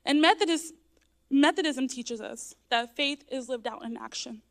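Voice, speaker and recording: A woman's voice: high-pitched, normal speed, a bit bright. A woman sharing an earnest personal testimony in church, her voice close to tears at times. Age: adult, raising young children. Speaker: church member giving testimony. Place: church sanctuary.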